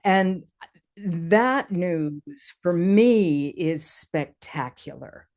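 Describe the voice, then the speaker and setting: A woman's voice: fairly low pitch, lively intonation, very slow, darkish tone. A woman hosting an online meeting, enthusiastic, thanking people and inviting them to speak. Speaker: meeting host. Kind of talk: casual online meeting talk. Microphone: video call.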